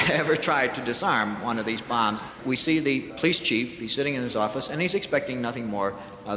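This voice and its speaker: A male comedian performs a one-sided phone conversation with a halting, deadpan delivery. The live recording has long reverb from a big room and a steady hiss under it. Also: mid-range voice. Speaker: stand-up comedian. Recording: roomy live hall with hiss.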